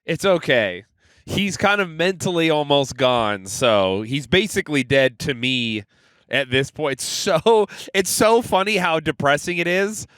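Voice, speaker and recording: A man's voice: fairly high pitch, lively intonation, measured pace, a bit bright, smooth, no echo. A young man co-hosting a podcast, telling rambling, profane stories in casual chat. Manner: loose, profane storytelling. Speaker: podcast co-host.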